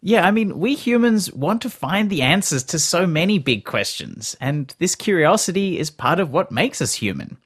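A man's voice: a little high, sing-song, normal speed, hardly any pauses, a bit bright, husky. A man co-hosting a scripted podcast in an eager, easygoing way. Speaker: podcast co-host.

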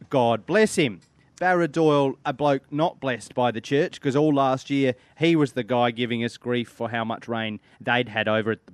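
A man's voice: medium pitch, smooth, no room sound. A man with an Australian accent hosting a casual fishing podcast, jokey and laughing as he reads listener mail. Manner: jokey, laughing, relaxed banter. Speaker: podcast host.

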